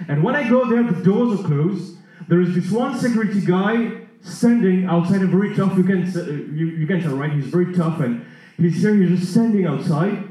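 A man preaching a sermon, telling a story in an animated way with many restarts and repeated words. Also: high voice, moderate pace. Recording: echoey hall, voice from far off.

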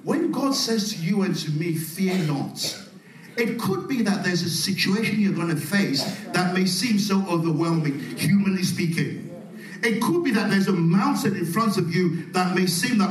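A man preaching a sermon, calling out to the congregation and swinging between loud, rising passages and soft, quiet ones. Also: high-pitched, moderate pace. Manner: call-and-response preaching, swelling loud then dropping soft. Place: church. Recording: echoey church hall, mic at a distance.

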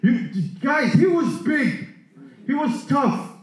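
Male preacher, high voice, animated storyteller; recorded from a distance in a roomy hall. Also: slow pace. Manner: animated, lively storytelling with frequent restarts and repeated words. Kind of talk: sermon storytelling to a congregation. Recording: echoey hall, voice from far off.

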